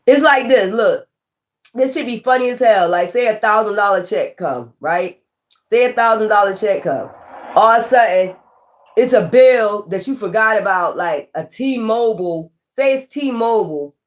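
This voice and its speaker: A woman tarot reader ranting casually to her viewers, profane, animated and exasperated. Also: mid-range voice, moderate pace.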